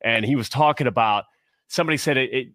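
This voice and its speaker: A man's voice: medium pitch, quick pace, fairly bright tone, dry recording, clean studio sound. A man co-hosting a casual sports talk show, speaking with passion and rambling through many restarts. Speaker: podcast co-host.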